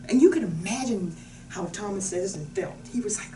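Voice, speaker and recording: A woman who works as a wellness trainer, telling a story to the camera in a casual, animated way. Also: fairly quick, far from the mic. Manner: animated, swings into loud high-pitched voices for quotes. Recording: echoey room from off the mic with faint noise.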